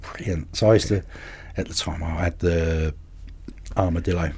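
A man, a podcast guest and carp angler, telling anecdotes in a lively way and acting out the voices of people in them. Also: low-pitched, normal speed, slightly rough. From England. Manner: animated, acts out other people's voices in anecdotes. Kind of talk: casual storytelling.

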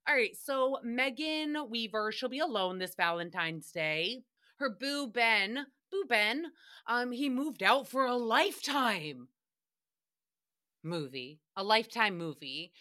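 A young woman hosts a podcast recap in a loose, chatty style. Her voice sits a little high and comes across bright and sharp, full of jokes, curse words and quick silly voices. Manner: animated, swearing, joking, doing quick voices. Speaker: podcast host. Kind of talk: casual recap chat.

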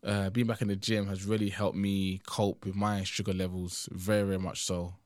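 A young man from the United Kingdom speaks low and level at a normal speed, with no echo, on his casual solo podcast. Drowsy and tired-sounding, he rambles conversationally and keeps adding "man."

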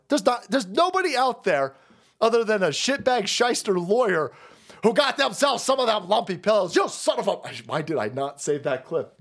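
A man hosting a political commentary stream, ranting in a rambling, sarcastic and foul-mouthed way. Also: high voice. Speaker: host.

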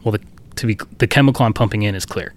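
A podcast co-host tells a workplace story in casual storytelling chat, loose, profane and full of chuckles. His voice is fairly low and very fast, and the recording is dry.

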